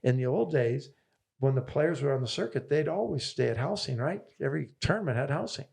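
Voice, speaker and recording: Older coach, gravelly, mid pitch, enthusiastic storyteller. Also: male voice, animated, fairly quick, a little mellow. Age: 70s. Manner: enthusiastic, repetitive rallying phrases. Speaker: tennis coach. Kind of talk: interview guest storytelling.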